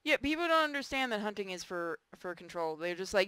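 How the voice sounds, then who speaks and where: A woman's voice: mid-range voice, expressive, a little fast, few pauses, sharp tone, clean tone, no echo. A woman streamer chatting casually with her co-host, blunt and chatty, swearing freely. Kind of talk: casual chat on a live stream.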